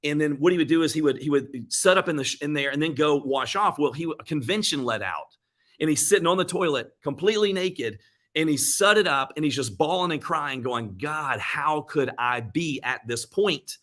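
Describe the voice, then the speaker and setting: An earnest man gives a motivational talk, slightly higher-pitched than most men. He retells comeback stories in quick bursts, often restarting his sentences. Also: animated, a bit bright. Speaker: motivational speaker.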